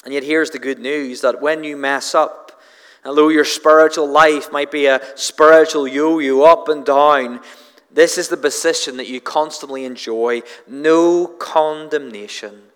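A man's voice: a little high, steady tone, measured pace, a bit bright, clear, resonant tone. Earnest male preacher in a reverberant hall. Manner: earnest, emphatic preaching with repeated refrains and restarts. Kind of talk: sermon.

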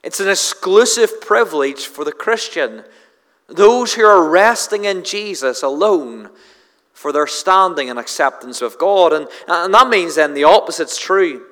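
A man preaching an evening sermon in a church, his voice sitting a little high for a man. He speaks earnestly and emphatically, hammering home repeated refrains. A long reverb from the hall trails after his words. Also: animated, measured pace, fairly bright tone.

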